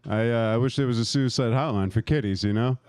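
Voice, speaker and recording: A man's voice: mid-range voice, quick pace, darkish tone, clear, resonant tone. A man in his thirties doing a profane, rambling stand-up set, laughing at his own jokes and working the crowd. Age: 30s. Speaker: stand-up comic.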